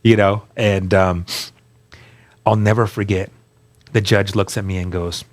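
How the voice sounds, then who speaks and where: Here's a middle-aged man on a radio program, sincerely sharing his life story as a guest. He speaks on the low side with fairly even intonation at normal speed, leaving long pauses, repeating words when moved and voicing the people he quotes.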